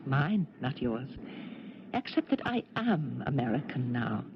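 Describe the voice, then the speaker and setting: An actress with a French accent playing a teasing, affectionate middle-aged wife who once fought in the resistance, in a 1970s radio drama. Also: female voice, extremely low pitch, big pitch swings, measured pace, vocal fry, full character voice. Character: French former resistance fighter wife, playful, older. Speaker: lead actress. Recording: lo-fi noisy 1970s radio broadcast.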